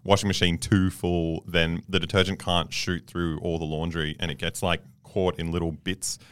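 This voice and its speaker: A man's voice: low voice, little pitch movement, moderate pace, clear, resonant tone, no room sound, clean studio sound. A man co-hosting a podcast in laid-back, wry casual chat. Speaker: podcast co-host.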